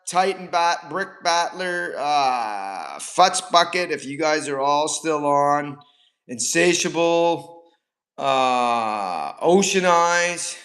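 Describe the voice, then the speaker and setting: Slow, rambling man chatting on a livestream. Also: mid-range voice, fairly bright tone. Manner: rambling and chatty, talks to his pets. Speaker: livestream host. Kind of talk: casual livestream chat. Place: home kitchen, indoors.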